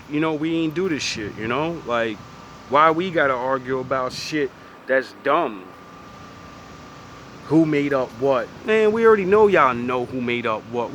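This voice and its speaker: A man's voice: fairly high pitch, fairly bright tone, slight background noise. A man giving a blunt, profane, rambling opinion monologue outdoors by a street. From United States. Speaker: vlogger.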